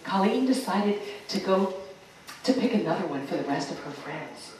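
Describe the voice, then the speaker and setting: A woman telling a fairy tale to children at a party, animated and coaxing, getting the children to join in. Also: fairly low pitch, normal speed, a little hiss or hum. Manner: animated, coaxing, sing-song. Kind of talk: interactive storytelling for children. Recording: echoey room, mic far off.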